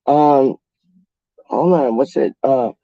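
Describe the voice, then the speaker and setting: A man's voice: mid-range voice, slow pace, no echo, highs cut off. A man from the UK hosting a casual livestream, reading out chat in a slangy, rambling, playful way. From United Kingdom.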